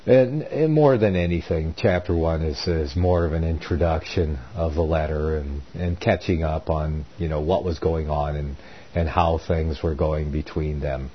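A man's voice: a bass voice, normal speed, husky. A man hosting a Bible reading show, reading old scripture aloud and explaining it in a rambling, folksy way with many self-corrections. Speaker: Bible teacher, host. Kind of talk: informal Bible reading and commentary. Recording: dull lo-fi recording.

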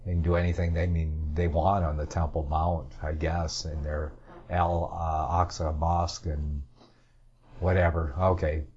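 A man's voice: a bass voice, flat delivery, unhurried, a little mellow, breathy edge. A man hosting a talk show, rambling through the news with casual, sarcastic asides. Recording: dull lo-fi audio.

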